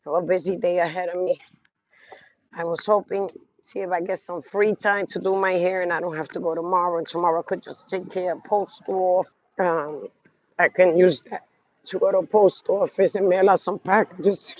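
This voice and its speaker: Congested man, high voice, rambling outdoor live streamer, dry lo-fi phone sound. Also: steady tone, moderate pace. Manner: rambling, talks to viewers, trails off. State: congested from sinus trouble. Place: outdoors walking a city street.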